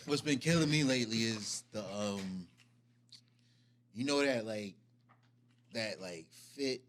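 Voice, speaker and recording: A man's voice: lowish voice, slow pace, fairly bright tone. A young man co-hosting a podcast, chatting casually with loose slang and frequent laughs. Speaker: podcast co-host. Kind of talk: casual chat.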